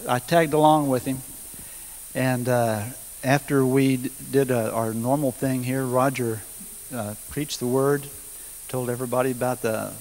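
A middle-aged man, telling his testimony at a church seminar in a folksy, hesitant way, full of pauses and chuckles. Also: mid-range voice. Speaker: guest minister sharing testimony. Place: school hall. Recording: long hall reverb, hiss.

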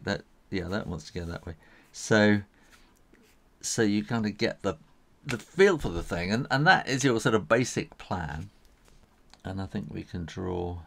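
Deep gravelly man explaining as he draws. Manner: rambling, chuckles while sketching, many fillers. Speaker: drawing teacher. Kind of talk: casual drawing tutorial.

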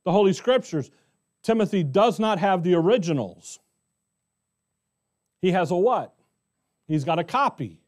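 A middle-aged American pastor teaching verse by verse in a conversational way, often asking the congregation questions. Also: male voice, high voice, animated, a little slow, long pauses, darkish tone. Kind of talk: expository Bible teaching.

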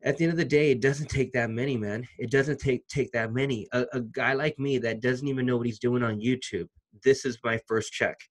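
An excited man talks straight to his viewers in a loose, slangy vlog style. His voice sits at an ordinary middle pitch, and he piles up restarts and casual filler as he gets fired up. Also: fairly quick, hardly any pauses. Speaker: YouTuber. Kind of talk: casual vlog talk to camera.

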